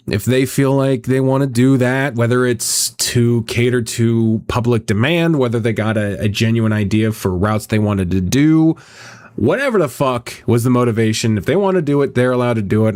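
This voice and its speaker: A man chatting casually on a live stream, rambling, swearing often and reacting to chat as a visual novel voice actor. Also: fairly low pitch.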